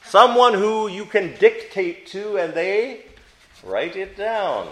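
A man leads a Bible study in a rather high voice that rises and falls with lively expression. He keeps asking the group questions and then answering them himself. He leans hard on the words he wants to stress. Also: takes it slowly. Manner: emphatic, stresses key words. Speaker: Bible teacher. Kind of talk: interactive Bible study teaching.

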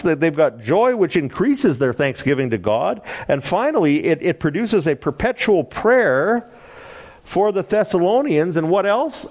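A man teaching a Bible study class, lecturing and asking the group questions. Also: a little high. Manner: animated, asks the class questions, laughs lightly.

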